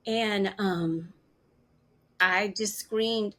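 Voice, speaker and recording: A woman in her fifties tells a personal story as an interview guest, at a middle pitch. She talks in an animated way, jumping up in pitch to act out the voices of people she quotes. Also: slow.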